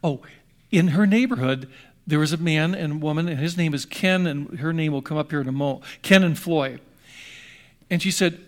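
A man's voice: fairly high pitch, moderate pace. Rambling older male pastor. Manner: conversational, rambling with restarts. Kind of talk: sermon.

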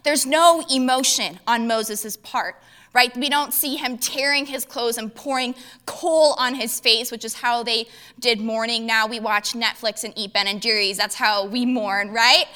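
A woman preacher teaching a Bible passage in a lively, conversational, humorous way. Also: fairly high pitch, a little slow.

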